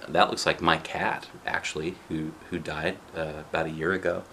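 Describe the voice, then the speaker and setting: A man reading a picture book aloud to children, gently chatting and asking the listener questions between pages. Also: a bass voice, little pitch movement, moderate pace, slight background noise. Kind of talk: children's read-aloud with casual asides.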